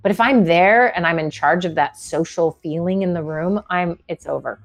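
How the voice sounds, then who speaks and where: A woman in casual podcast chat, thinking out loud and laughing often as she gives advice. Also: fairly low pitch, normal speed, faint music behind. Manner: thoughtful, rambling, laughs often.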